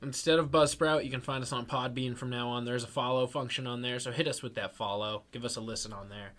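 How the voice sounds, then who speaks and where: A man's voice: mid-range voice, steady tone, fast talker, fairly bright tone. A man co-hosting a casual podcast, laughing often and reading out sponsor plugs. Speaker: podcast co-host.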